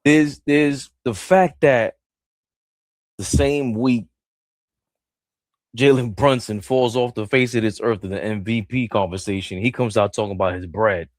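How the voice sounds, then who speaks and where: A man co-hosting a casual basketball talk show, animated and joking, laughing in the middle of his sentences. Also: a little slow, no room sound. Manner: animated, laughs mid-sentence, swings between loud and low. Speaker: co-host.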